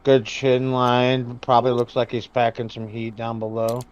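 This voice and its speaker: Laid-back male player, smooth voice, muffled lo-fi audio. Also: medium pitch, monotone, normal speed. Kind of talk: casual tabletop game chat. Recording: dull lo-fi sound.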